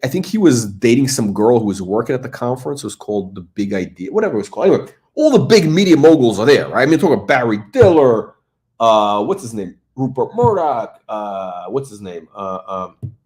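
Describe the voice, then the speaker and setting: A man's voice: mid-range voice, big pitch swings, a little fast, a little mellow. A middle-aged man hosting a watch review, rambling through casual commentary and storytelling as he searches for words.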